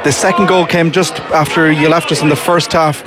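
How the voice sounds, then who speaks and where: A man gives a brisk live match report from an outdoor ground. His voice sits fairly high. Outdoor noise runs clearly behind him. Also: fairly even intonation. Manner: brisk play-by-play summary. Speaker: field reporter.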